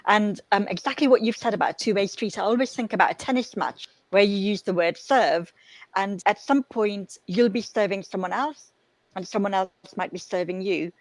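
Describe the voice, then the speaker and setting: Woman, parenting coach, thoughtful explainer, middle pitch, dry recording. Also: normal speed, dry recording, rough recording. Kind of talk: casual interview chat.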